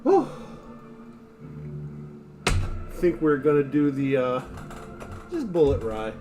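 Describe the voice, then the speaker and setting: Rambling male streamer chatting with viewers; fairly high voice, swoops around a lot. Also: wildly swooping pitch, takes it slowly, over music. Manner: rambling, chatty, talks to his dogs and chat. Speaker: livestream host. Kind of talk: casual livestream chat.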